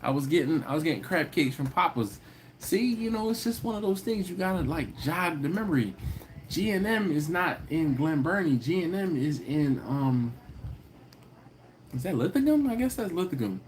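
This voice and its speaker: A man's voice: on the high side, very animated, moderate pace, a little hiss or hum. A man hosting a live stream. He talks casually with viewers, tells stories, laughs often and acts out the people he quotes. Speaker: host of a live barbecue channel stream.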